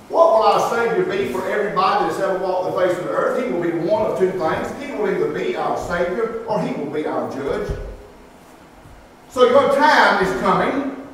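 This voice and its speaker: A man, preaching a folksy, plain-spoken sermon and asking the congregation rhetorical questions. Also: high voice. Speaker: pastor. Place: church sanctuary. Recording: echoey hall from far off, faint noise.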